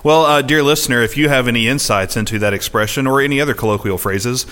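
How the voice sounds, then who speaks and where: A man's voice: medium pitch, fast talker, fairly bright tone, long reverb tail. A man hosting a church podcast about preaching, chatting casually and laughing easily, with plenty of filler words. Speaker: podcast host, pastor.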